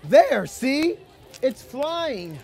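A man's voice: extremely high pitch, very animated, extremely slow, gravelly, darkish tone, slightly rough. A man reading a picture book aloud to children at an outdoor event, playful and calling out questions to them. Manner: playful, calls out questions to the kids. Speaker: storybook reader for children. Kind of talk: lively read-aloud to a young crowd.

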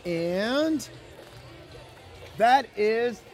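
A man's voice: extremely high pitch, lively intonation, drawn-out words, a little mellow, faint music behind. A man reading a picture book aloud to children at an outdoor event, playful and calling out questions to them. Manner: playful, calls out questions to the kids. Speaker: storybook reader for children. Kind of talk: lively read-aloud to a young crowd.

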